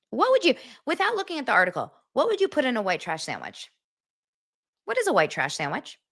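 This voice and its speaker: Chatty animated woman livestream host. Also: fairly low pitch, dry recording, clean studio sound. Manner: chatty, animated, reads chat comments. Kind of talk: casual livestream chat.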